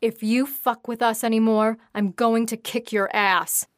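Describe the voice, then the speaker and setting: A woman's voice: a little high, fairly even intonation, measured pace, no echo, clean studio sound, close to an everyday voice. Woman reading a furious tough ex-Marine woman.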